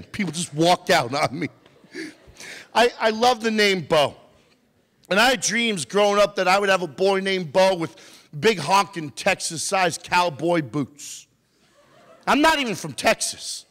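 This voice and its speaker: A man's voice: high voice, lively intonation, moderate pace, a bit bright, in a large hall. A man giving a comedic motivational talk to a youth audience, playful and teasing with the crowd. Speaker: motivational speaker.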